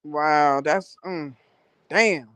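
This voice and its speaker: A woman's voice: deep voice, extremely slow, smooth, dry recording. A woman on a casual chat stream reacting with swearing and disbelief.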